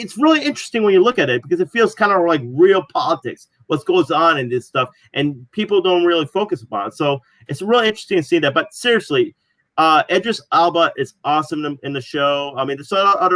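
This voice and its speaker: Casting note: man, casual podcast co-host, rambling storyteller, bright, dry close sound. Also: a little high, lively intonation, fast talker, dry recording, low-quality recording. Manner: rambling, filler-heavy storytelling. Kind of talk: casual chat.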